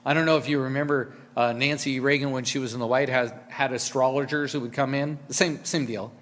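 A man's voice: medium pitch, fairly even intonation, fairly quick, fairly bright tone, long reverb tail. A male pastor preaching a sermon in a casual, conversational way, with fillers and repeated words.

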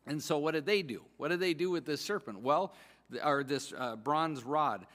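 A pastor giving a sermon in a conversational, excitable way, often restarting his sentences. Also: on the high side, normal speed, big-room sound.

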